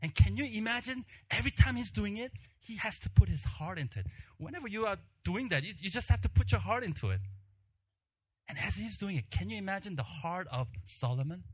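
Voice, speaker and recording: A man preaching a sermon, telling a personal story in an animated way and acting out the crowd's shouts, then dropping to a hushed voice for emphasis. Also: high voice, fairly quick.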